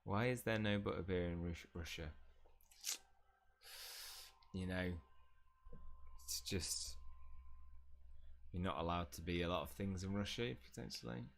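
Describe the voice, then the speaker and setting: Low-voiced man streaming a game. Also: measured pace, creaky, long pauses. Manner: jokey, rambling, chats with viewers. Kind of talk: casual livestream commentary.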